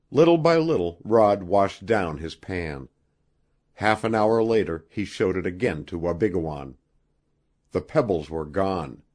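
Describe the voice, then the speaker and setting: A man with a deep, low voice reads an adventure audiobook in scripted narration. His pitch moves a lot, rising and falling with the story, and he tells it expressively. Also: darkish tone.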